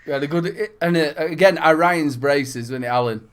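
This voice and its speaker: A Yorkshire man co-hosting a podcast talks at normal speed in a slightly high voice. His casual chat is full of stories, plenty of swearing and laughter.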